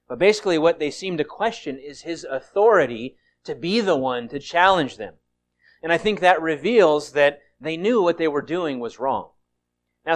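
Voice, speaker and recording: A man preaching a sermon in a conversational way, often restarting and acting out quoted speech. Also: on the high side. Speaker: pastor.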